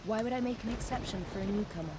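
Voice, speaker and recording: A woman's voice: fairly high pitch, very fast, over loud music, natural voice. A woman voicing a brusque female gatekeeper in a game, who turns visitors away dismissively. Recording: game audio under loud noise, distant.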